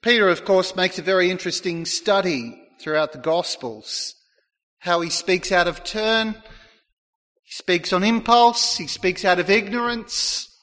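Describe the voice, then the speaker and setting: A man's voice: sits high, measured pace, pushed and bright. A man preaching a sermon in a church, earnest, sometimes acting out the words of people in his text. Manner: earnest preaching, acts out quoted lines. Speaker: pastor. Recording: long hall reverb.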